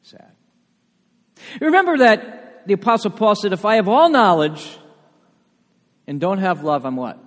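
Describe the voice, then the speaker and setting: A man preaching a sermon as pastor, emphatic, with rhetorical questions and sudden soft asides. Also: high-pitched, very animated, a little slow, long pauses, long reverb tail. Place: church sanctuary.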